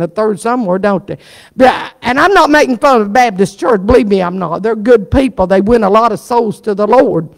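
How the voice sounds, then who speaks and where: A woman's voice: high voice, creaky. A woman pastor preaching a sermon, telling the story with fervour. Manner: fervent storytelling preacher who acts out the story's characters. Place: church. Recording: reverberant church sanctuary.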